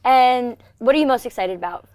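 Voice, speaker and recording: A woman's voice: a little high, fairly quick, darkish tone, clean tone. A teenage girl hosting a school broadcast, chatting casually with a guest and filling her talk with "like". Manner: chatty, lots of "like" fillers. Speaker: student show host. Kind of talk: casual chat interview.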